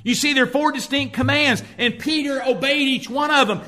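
A man with a high, bright and forceful voice preaching a sermon. He tells stories and acts out the people he quotes, and his delivery climbs and drops as he builds his points. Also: fairly quick, hardly any pauses. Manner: storytelling preacher who acts out quoted speech. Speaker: pastor.

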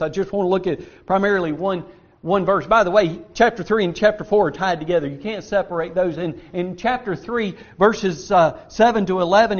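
A man preaching a sermon, stressing key words loudly and dropping to quiet asides. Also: sits high, muffled recording. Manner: emphatic, swings between loud stress and quiet asides.

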